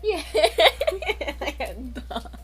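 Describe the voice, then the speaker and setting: Woman vtuber, high and bright, swoops in pitch, giggly chaotic outbursts, unhurried. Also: sing-song, breathy edge. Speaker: vtuber streamer. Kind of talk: casual game stream chatter.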